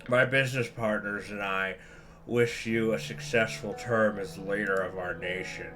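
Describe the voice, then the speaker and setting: A man's voice: fairly low pitch, fairly even intonation, moderate pace, fairly bright tone, soft background music, close to an everyday voice. A man doing a smug, drawling tycoon. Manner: drawling, self-satisfied, patronizing. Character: smug portly older male business tycoon.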